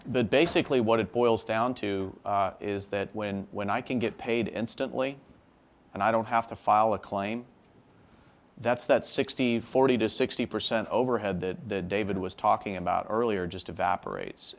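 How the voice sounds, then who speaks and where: Lawmaker guy on a panel, kinda low voice, earnest, lots of ums. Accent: Texan. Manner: earnest, many fillers and restarts. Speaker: legislator on a policy panel. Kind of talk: panel discussion.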